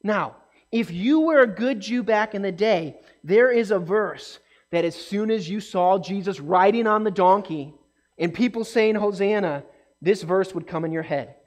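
Woman teaching a lively Bible lesson. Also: mid-range voice, measured pace. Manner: animated, asks the listeners questions. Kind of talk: Bible lesson for a young audience.

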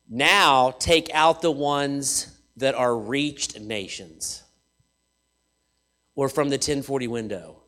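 A man preaching a sermon in an animated way, repeating phrases for emphasis and swinging from loud to hushed. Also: on the high side.

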